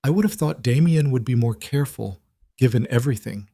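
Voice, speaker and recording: A man's voice: mid-range voice, fairly quick, creaky, dark tone, dry recording, studio quality, voice pushed up. A man voicing a scheming mafia wife who talks with syrupy, conspiratorial false sweetness. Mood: falsely sweet.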